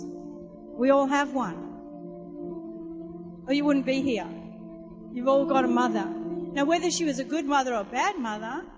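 High-voiced woman preaching in a hall. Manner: animated storyteller, acts out voices. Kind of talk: sermon with storytelling. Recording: live sermon in a reverberant hall with music behind.

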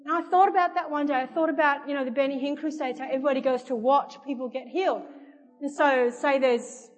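Woman preacher, lively storytelling sermon, reverberant church hall, faint music. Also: high voice, brisk. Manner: lively storytelling that acts out the characters. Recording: echoey hall with soft music.

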